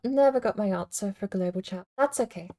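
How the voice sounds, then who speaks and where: A woman's voice: medium pitch, a little fast, mellow. A woman streaming a game, talking casually and thinking aloud in a rambling, self-deprecating way. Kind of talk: casual livestream commentary.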